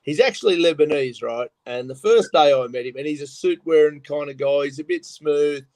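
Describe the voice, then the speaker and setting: A man with an Australian accent, rough around the edges, telling stories in casual chat and swearing often. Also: on the high side, a little fast, darkish tone, no echo. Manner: rough, profane, storytelling.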